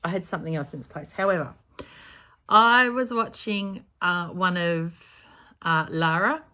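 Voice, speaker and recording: A woman with a notably low voice talks through her stitching plans in a relaxed, rambling way. She often backtracks and corrects herself mid-sentence, in the easy manner of a home craft vlog recorded in her craft room. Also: moderate pace. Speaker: cross-stitch vlogger. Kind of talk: casual chat.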